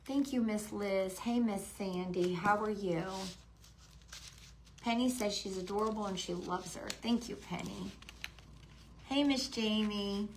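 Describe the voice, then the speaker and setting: A woman hosting a live craft stream, chatting softly to viewers by name and gushing over the decorations. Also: mid-range voice, slight background noise, rough recording. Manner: hushed, half-whispering. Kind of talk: casual live-stream chat.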